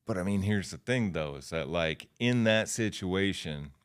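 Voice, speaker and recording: A man's voice: low-pitched, animated, moderate pace, clean tone. A man in his fifties, a podcast guest, telling stories in a loose, slangy way with lots of fillers. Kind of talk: casual storytelling.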